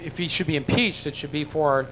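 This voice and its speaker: A man's voice: fairly high pitch, a little fast, fairly bright tone, a little hiss or hum, poor audio. Rambling, wry man telling a story. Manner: rambling, full of fillers and restarts, wry jokes. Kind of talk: rambling anecdote told to an audience.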